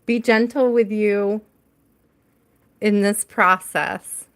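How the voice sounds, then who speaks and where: Woman, tarot reader, casual livestream chat, slow unhurried delivery, laughs often, talks to viewers by name. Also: medium pitch, fairly even intonation.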